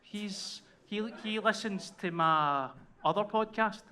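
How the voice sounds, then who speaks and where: A man's voice: high-pitched, takes it slowly, sharp tone. A man with a Glaswegian accent hosting a live podcast, trading sweary, laughing, teasing banter on stage. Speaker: podcast host. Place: live show venue with audience. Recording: live audience crowd noise.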